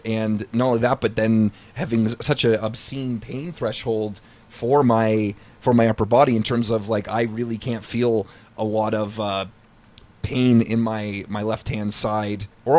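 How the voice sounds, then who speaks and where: A man's voice: on the low side, a little mellow. Enthusiastic man hosting a podcast. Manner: enthusiastic, hesitant, restarts a lot. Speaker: podcast host. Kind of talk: casual podcast chat.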